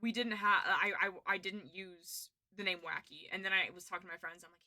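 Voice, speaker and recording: A woman's voice: on the low side, steady tone, quick pace, hardly any pauses, sharp tone. A young woman streaming, chatting casually and rambling with frequent giggles and restarts. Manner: giggly, rambling, self-interrupting. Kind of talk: casual livestream chat.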